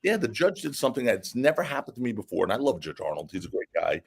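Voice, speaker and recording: A man, a defense attorney, telling a story as a guest in a casual interview, in an animated, lively way. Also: medium pitch, fast, vocal fry, breathy edge.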